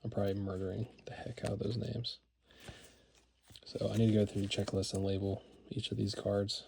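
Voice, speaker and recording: Brisk and gravelly, with a fairly low pitch, a flat delivery, and a slightly mellow quality, a male card collector vlogger gives a casual show-and-tell of his collection. He rambles enthusiastically with many fillers and repeated words, and slight background noise can be heard.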